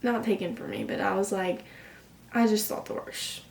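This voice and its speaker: A woman's voice: medium pitch, sing-song, moderate pace, gravelly, a little mellow, slight background noise. A young woman in her late teens telling a personal story in an emotional, rambling way, full of "like". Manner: emotional, rambling, heavy use of "like". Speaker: vlogger. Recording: roomy sound from a distant mic.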